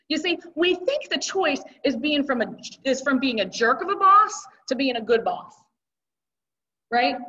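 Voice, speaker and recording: A woman's voice: high voice, fairly bright tone, distant mic. A woman giving a conversational motivational talk to a live audience, with rhetorical questions and emphatic delivery. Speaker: keynote speaker. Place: event hall with audience. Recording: dull lo-fi recording.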